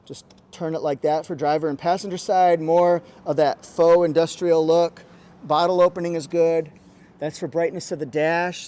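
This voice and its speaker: Male car reviewer, casual and quirky, fairly high voice, lapel mic inside a car. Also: dark tone. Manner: chatty, quirky, jokey asides. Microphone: lapel mic pack.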